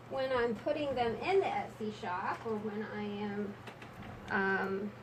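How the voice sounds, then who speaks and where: A chatty woman walks viewers through her handmade journals. She talks casually, drifts into rambling asides and fills the gaps with ums. There is a faint hiss behind her voice. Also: mid-range voice. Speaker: junk journal crafter. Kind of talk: casual crafting vlog.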